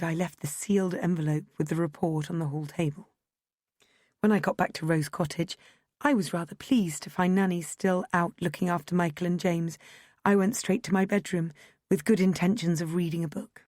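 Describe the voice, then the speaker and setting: A woman's voice: on the low side, a little mellow, no room sound. Woman narrating an audiobook, dry close sound. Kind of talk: first-person audiobook narration.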